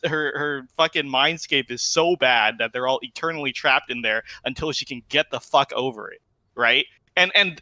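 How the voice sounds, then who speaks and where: A man's voice: fairly high pitch, sharp tone, no room sound, rough recording. A man co-hosting a gaming podcast, ranting heatedly and profanely while quoting characters in mocking voices. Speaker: podcast co-host.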